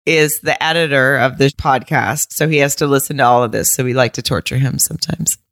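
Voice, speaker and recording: Low-voiced blunt woman podcast co-host. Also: a little fast, fairly bright tone, no echo. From Southern United States. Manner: blunt, rambling, swears freely. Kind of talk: casual chat.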